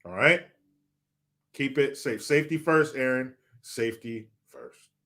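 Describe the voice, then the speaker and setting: Man streamer, reads comments, profane jokes, mock outrage, animated pitch. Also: measured pace. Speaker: streamer reading viewer comments. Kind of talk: casual live commentary.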